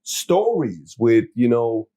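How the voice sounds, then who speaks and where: A man's voice: medium pitch, big pitch swings, slow pace, warm tone, slight background noise. A man hosting a casual chat, reflective and posing questions. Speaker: host.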